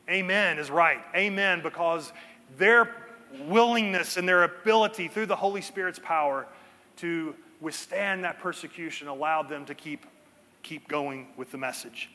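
A pastor preaching a sermon with earnest emphasis and dramatic pauses, slowing down to stress key points. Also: male voice, fairly high pitch, bright, forceful tone, big-room sound.

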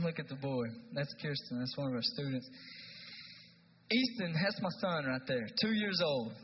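Thirties male youth pastor, a touch higher voice, preaching in a big echoing church. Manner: conversational preacher, swings between hushed and loud. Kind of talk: sermon. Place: church sanctuary. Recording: dull sound with long hall reverb, faint noise.

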